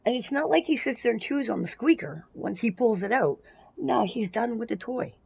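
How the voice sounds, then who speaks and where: A Canadian woman streaming a game live, chatting casually, swearing freely and breaking into loud playful outbursts. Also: a little high, expressive, normal speed, creaky, breathy edge, rough recording. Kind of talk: casual live-stream chat while gaming.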